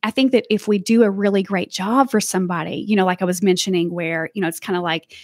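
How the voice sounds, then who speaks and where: Woman, chatty storyteller, mid pitch, dry close mic. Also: fairly even intonation, fast, dry recording. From South Arkansas. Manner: warm, chatty, many "you know" fillers. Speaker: real estate agent guest. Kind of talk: casual interview storytelling.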